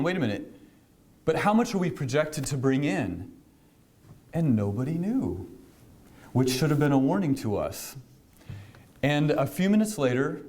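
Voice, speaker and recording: A man addresses a business breakfast crowd in a relaxed storytelling manner. He pauses often with fillers and starts his sentences over. His voice sits in an ordinary middle pitch. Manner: conversational, with frequent fillers and restarts. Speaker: government official giving a speech. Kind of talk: storytelling speech to a business audience.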